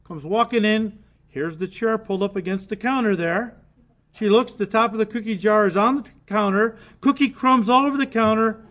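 A man preaching a sermon with earnest conviction, dropping to soft, low asides between emphatic points. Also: moderate pace. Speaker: pastor.

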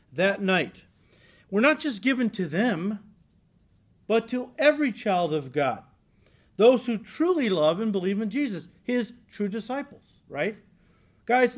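Earnest pastor preaching, higher male voice. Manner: earnest, emphatic, tags points with "right?"; repeats key lines for stress. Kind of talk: sermon. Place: church before a congregation.

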